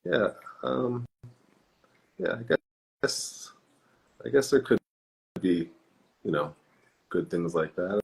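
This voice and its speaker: A man's voice: lowish voice, lively intonation, takes it slowly, vocal fry, pauses often, low-quality recording. A man chatting casually as a podcast guest, easygoing and laughing often. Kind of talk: casual chat.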